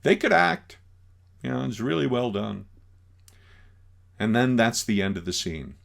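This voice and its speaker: A male teacher giving a classroom lecture, animated and acting out scenes as he retells them. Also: medium pitch, unhurried, vocal fry.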